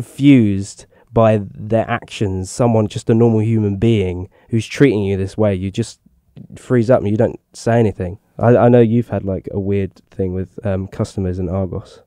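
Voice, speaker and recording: Podcast co-host: a young man, low mellow voice, easygoing, dry close mic. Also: moderate pace, hardly any pauses, dry recording. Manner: relaxed, asks questions and prompts. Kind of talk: casual chat.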